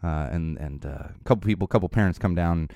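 This Los Angeles-area podcast host, a man in his thirties, speaks fast in a low, creaky, mellow voice. The studio recording has no room sound and the highs are cut off. His casual chat meanders, packed with fillers, laughs and a swear word here and there.

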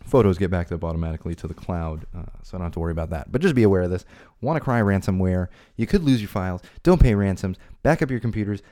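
A man's voice: deep voice, lively intonation, quick pace, few pauses, mellow. A man hosting his own podcast, chatting casually with jokey asides and rambling restarts. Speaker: podcast host. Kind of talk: casual solo podcast talk. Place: home studio.

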